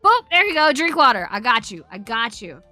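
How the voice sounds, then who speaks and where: Bright-voiced swearing woman streamer. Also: a little high, very animated, fairly quick, faint music behind. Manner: chatty, swears freely, laughs through her story. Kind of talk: casual storytelling chat on a game stream.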